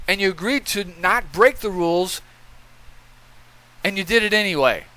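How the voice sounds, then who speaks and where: Male commentator, high bright clear voice, blunt profane lecturing rant. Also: rough recording. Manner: lecturing, repeats points with "okay?". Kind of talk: opinion commentary.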